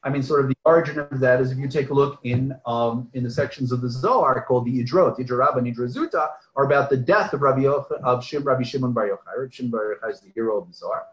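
A man's voice: medium pitch, fast talker, few pauses, muffled recording. Man teaching an online class, roomy echo, discursive, tags "right?" onto his points. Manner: discursive, often adds "right?" and "um", restarts phrases. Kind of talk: online lecture with questions from the chat. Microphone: video call.

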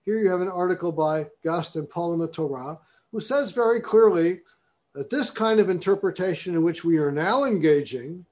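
A man's voice: sits high, moderate pace, darkish tone. A man giving a university lecture in a classroom, talking his way through a topic and reading passages aloud with emphasis.

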